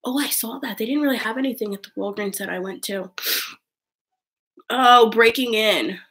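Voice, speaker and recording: A young woman hosts a live stream and chats with her viewers in a loose, rambling way. Her voice sits a little high, and she fills her talk with "like" and breaks into quick laughs. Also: a bit bright. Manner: chatty, rambling, heavy use of "like", frequent laughs. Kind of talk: casual live-stream chat reading viewer comments.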